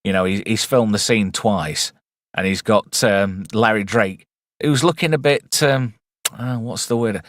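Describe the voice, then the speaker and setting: A man's voice: lowish voice, measured pace, no room sound, studio quality. A man giving a rambling, irreverent movie commentary and swearing freely. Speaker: movie reviewer. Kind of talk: casual film commentary.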